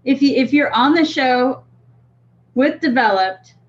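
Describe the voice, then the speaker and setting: A woman's voice: high voice, expressive, measured pace. A woman co-hosting a livestream in casual chat, teasing and playful. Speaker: co-host of a vaping livestream. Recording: dull lo-fi audio with faint noise.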